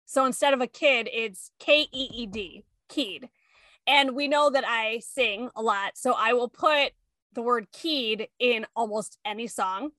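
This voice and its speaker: A woman in casual chat, telling family stories in an animated way and acting out quotes. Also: on the high side, a little slow, no room sound. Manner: animated storyteller, acts out quotes.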